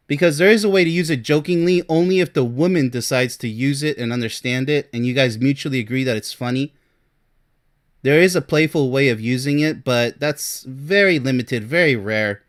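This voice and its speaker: A man working as a relationship coach, giving emphatic advice on a reader's letter, firing rhetorical questions and laughing in disbelief. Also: mid-range voice.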